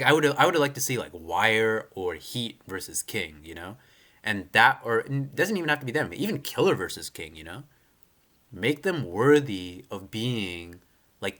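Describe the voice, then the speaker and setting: A man's voice: fairly low pitch, sing-song, a little slow, fairly bright tone. A young man reacting live to a manga chapter in a casual, rambling rant, full of fillers and restarts, swearing and opinionated. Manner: rambling, heavy use of "like" and "you know", frequent restarts.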